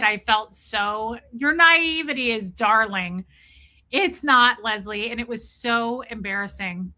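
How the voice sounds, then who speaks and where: A woman hosting a casual livestream, greeting viewers by name and telling a self-mocking story in an animated way. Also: a little high, measured pace. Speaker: livestream host. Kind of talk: casual livestream chat reading viewer comments.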